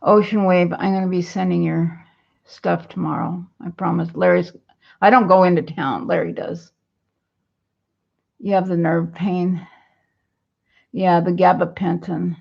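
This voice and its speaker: Woman, home vlog, very gravelly, husky, slow and rambling, downcast, webcam mic. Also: fairly low pitch, level tone. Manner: rambling, downcast, reads viewer comments aloud. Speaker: vlogger. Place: her home, indoors. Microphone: computer webcam mic. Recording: dull lo-fi webcam audio.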